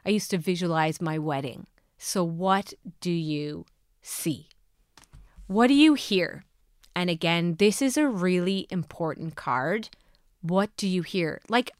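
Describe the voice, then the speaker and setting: A woman's voice: medium pitch, lively intonation, measured pace, a bit bright, clean tone, no echo, studio quality. A woman hosting a podcast, giving earnest coaching on manifesting love and asking listeners many questions. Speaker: podcast host.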